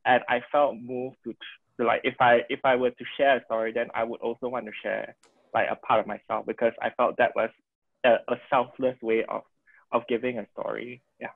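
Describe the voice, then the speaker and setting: A man speaks slowly and reflectively over a video call. His voice has a gravelly edge and comes through thin and phone-like, with no room sound. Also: mid-range voice, level tone, no room sound. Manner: thoughtful, hesitant, many fillers. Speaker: workshop participant. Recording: dry, tinny phone-like call audio.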